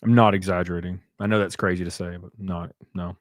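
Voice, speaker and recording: A man's voice: deep voice, steady tone, fast, dry recording, studio quality. A man hosting a casual livestream, blunt and profane, rambling and reading chat donations aloud. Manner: reads and answers chat donations. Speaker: livestream host.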